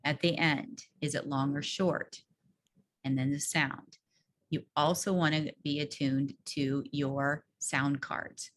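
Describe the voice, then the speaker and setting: A woman's voice: sits low, flat delivery, takes it slowly. A woman leading an online teacher training workshop over a video call, explaining a reading routine step by step and modelling the prompts she gives in class. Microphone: video call microphone.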